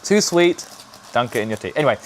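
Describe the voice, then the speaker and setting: A man casually explaining a bit of history, dry and teasing, unhurried. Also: mid-range voice, very animated, slight background noise. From United Kingdom.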